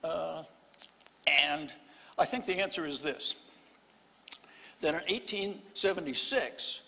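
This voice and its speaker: A man's voice: fairly high pitch, creaky, pushed and bright. Older man, restarting often, in a reverberant hall. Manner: halting, many restarts, wry storytelling. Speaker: historian panelist. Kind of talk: panel discussion. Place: event hall, live panel. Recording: long reverb of a lecture hall.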